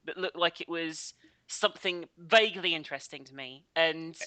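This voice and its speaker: A woman's voice: sits low, moderate pace, pushed and bright, dry recording. A woman guest on a podcast, chatting casually in a blunt, swearing way.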